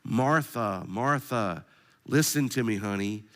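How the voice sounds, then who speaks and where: Man playing Jesus, soft and patient, soothing tone in a sermon retelling. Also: fairly low pitch, slow, smooth, long reverb tail. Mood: gentle. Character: gentle, patient male Jesus addressing a woman.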